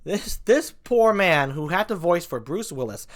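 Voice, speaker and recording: A man's voice: sits high, sing-song, a little slow. A man doing comedic commentary as a vlogger, ranting with mock outrage.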